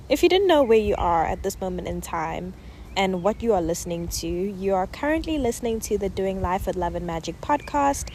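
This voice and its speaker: A South African woman in her twenties chats on her podcast, bubbly and affectionate, with plenty of fillers. She is a little out of breath as she talks from her yoga mat outdoors at dusk. A faint hiss and soft outdoor ambience sit behind her voice. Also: mid-range voice, lively intonation, a little fast. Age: 20s. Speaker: podcast host. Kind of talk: casual reflective chat.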